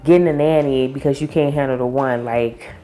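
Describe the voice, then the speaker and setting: A woman's voice: a bass voice, fairly even intonation, a little fast, dark tone, soft background music. A woman vlogger recapping a TV episode in a chatty, opinionated, slangy way. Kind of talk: casual TV recap chat.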